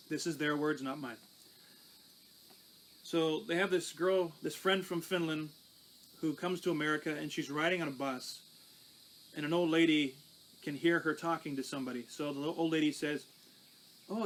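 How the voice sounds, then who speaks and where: A man's voice: fairly high pitch, a bit bright, slight background noise, poor audio. A pastor telling his life testimony in a conversational, storytelling way. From Canada. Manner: conversational, recounting with small restarts.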